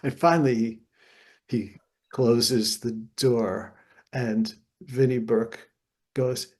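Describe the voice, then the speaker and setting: An older man with a gravelly, fry-laced voice is a guest in an interview. He tells lively anecdotes and slips into other people's voices as he goes. His pitch sits in the middle for a man. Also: slow. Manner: animated anecdotes, acts out voices. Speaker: guest jazz guitarist. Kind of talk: storytelling interview.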